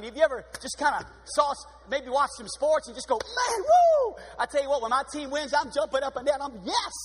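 Exuberant male preacher, high and husky, echoing in a large church hall. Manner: energetic, exuberant preaching with sudden pitch swings. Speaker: pastor. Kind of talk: sermon. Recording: long hall reverb.

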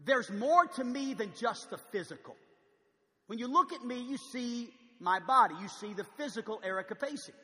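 Man preaching, high pitch, conversational with restarts, echoing hall. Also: sharp tone. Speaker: pastor. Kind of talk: sermon. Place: large church with balcony.

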